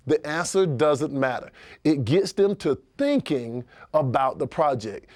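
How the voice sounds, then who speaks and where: An energetic middle-aged man teaches sales technique in a slightly higher voice, acting out customer exchanges with animated shifts. The sound is dry and close, with no room echo. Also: slow pace. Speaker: sales trainer. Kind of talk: instructional sales training talk.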